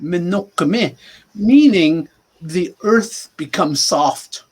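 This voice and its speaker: Slow, husky older man teaching words. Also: sits high, lively intonation, a little mellow. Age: 60s. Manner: patient, repeats each word slowly. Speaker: language teacher. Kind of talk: teaching words in a podcast chat.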